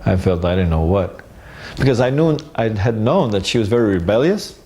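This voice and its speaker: A man recalling old memories in a casual, animated storytelling way, acting out the dialogue and often stopping to restart. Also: lowish voice. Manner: halting, with restarts and fillers.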